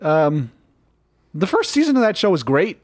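A young adult man trading crude jokes as he co-hosts a casual podcast. His voice sits a little high. The sound is dry and close, with no room around it. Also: very animated, moderate pace, dry recording. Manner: crude, joking banter. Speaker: podcast co-host. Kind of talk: casual chat.

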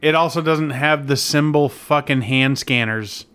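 Smooth-voiced man, blunt and irritable. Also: on the high side, unhurried, fairly bright tone. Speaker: podcast co-host. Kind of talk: casual chat.

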